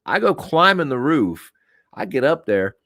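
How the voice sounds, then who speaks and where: A podcast host from Oklahoma tells his own stories loosely and profanely before a live audience, animated and leaping up in pitch to play the people he quotes. He keeps a measured pace, and the audio is studio quality with no echo.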